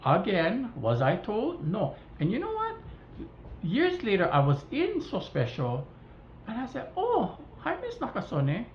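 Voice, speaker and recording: Woman, Hawaiian Pidgin accent, lively swooping pitch, casual rant, roomy kitchen, dull faint hiss. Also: a little slow. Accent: Hawaiian Pidgin-tinged English. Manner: animated storytelling, acts out dialogue. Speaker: vlogger. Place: home kitchen.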